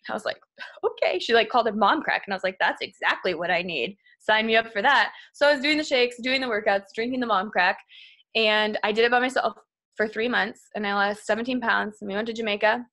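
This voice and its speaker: A woman's voice: fairly high pitch, a little fast, a bit bright. A young adult woman, a guest speaker, telling a candid personal story to a group, often filling with "like" and sometimes close to tears. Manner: candid and emotional, many "like" fillers. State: tearful at moments.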